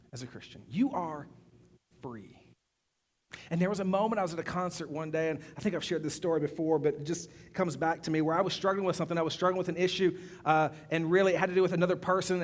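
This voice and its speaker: A middle-aged man preaching a sermon as pastor. He talks conversationally, with fillers and repeated words, and swings between loud, fervent bursts and quiet, intimate stretches. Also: on the high side.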